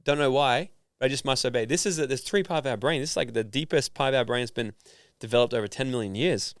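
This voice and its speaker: A man from Australia, a guest on an interview podcast, telling a story in a casual, animated way and acting out the voices of people in it. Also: medium pitch, quick pace, no echo, studio quality. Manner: animated, acts out voices in his stories. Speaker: guest, personal development founder.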